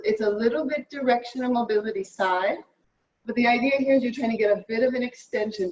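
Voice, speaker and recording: A woman teaching a live yoga class, cueing poses in a brisk, upbeat way and a little out of breath. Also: fairly high pitch, muffled recording. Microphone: camera mic at a distance. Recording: echoey room, from far off.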